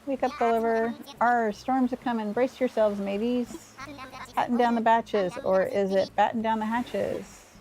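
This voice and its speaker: A woman's voice: fairly high pitch, steady tone, unhurried, a little mellow, voice pushed up, natural voice, low-quality recording. A woman voicing a blustery, pun-loving male seagull who talks like a pirate, growling "arr" as she reads his lines from a game. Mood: hammy pirate.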